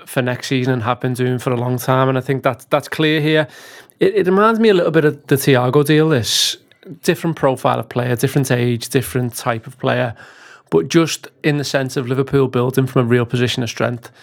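A male podcast guest talking football, with a gravelly, fry-heavy voice at a middle pitch. He speaks in a measured, thoughtful way, pausing on the odd filler as he builds his point. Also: steady tone. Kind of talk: casual football podcast chat.

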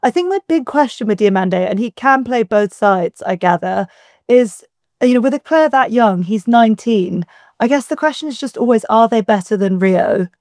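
A woman, a guest on a football chat, giving a wry, measured analysis. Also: on the high side, lively intonation, a little mellow, no room sound, clean studio sound. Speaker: podcast guest.

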